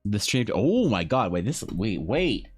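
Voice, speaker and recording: A man streaming live while drawing, chatting casually in a rambling, joking way with animated asides. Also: on the low side, a little slow, breathy edge. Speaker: streamer and game master. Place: home streaming setup.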